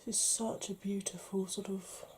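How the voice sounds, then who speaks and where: Soft-spoken woman doing a makeup tutorial. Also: medium pitch, flat delivery, moderate pace, slight background noise. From United Kingdom. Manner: chatty, often drops to a whisper while working. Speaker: makeup vlogger.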